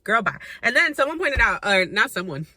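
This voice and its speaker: A woman's voice: on the high side, very animated, a little fast, pushed and bright, no echo. A young adult woman recapping a reality dating show in a chatty, sassy, opinionated way. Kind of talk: casual recap and commentary.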